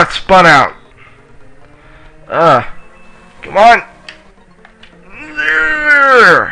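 A man giving casual let's play commentary while racing, excitable and yelling at the racers in the game, with a sore throat. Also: a little high, poor audio. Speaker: gamer playing on his channel.

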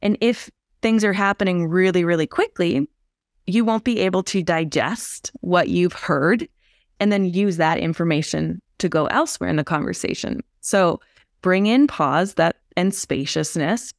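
A woman, a somatic therapist, explaining in a calm, unhurried and reflective way on a podcast. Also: medium pitch, no room sound, clean studio sound.

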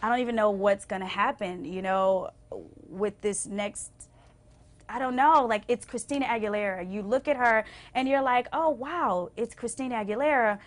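Guesting on a TV station interview, a young adult woman singer tells stories with animated expressiveness, at normal speed. She acts out quotes with big pitch swings and drops to a hush when she's moved.

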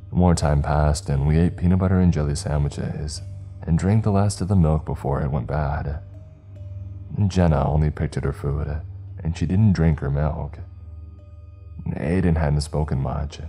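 A man reading a scripted horror story in a slow, hushed manner. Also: very deep voice, fairly even intonation, breathy edge. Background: faint eerie background music.

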